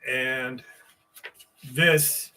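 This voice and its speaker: A man's voice: medium pitch, fairly even intonation, drawn-out words, sharp tone. A man hosting a live stream, reading out viewer comments in loose, chatty, sometimes profane talk, often laughing.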